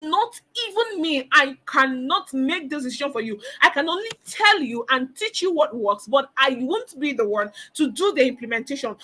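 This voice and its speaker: A woman's voice: sits high, bright, forceful tone. A woman giving a motivational counseling talk, emphatic, repeating phrases and acting out the voices she describes. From Nigeria.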